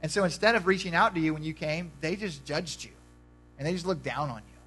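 A male pastor preaches in a loose, conversational way, breaking into stories and asking his congregation questions. He talks quickly in a slightly raised pitch. Faint music plays underneath. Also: fairly bright tone, low-quality recording. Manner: conversational, storytelling, addresses the congregation directly. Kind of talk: sermon.

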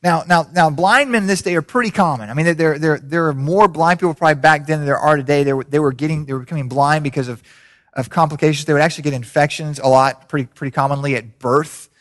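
A man preaching to his congregation, his voice sitting a little high for a man. He talks casually through the explanation, then builds to loud, shouted climaxes. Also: quick pace. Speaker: pastor. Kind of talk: sermon.

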